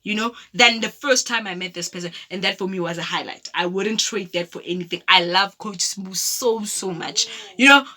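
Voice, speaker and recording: Speaking at a moderate pace, this vlogger from South Africa has a sharp-toned, medium-pitched voice. Her casual storytelling is reflective and personal, peppered with fillers and frequent restarts.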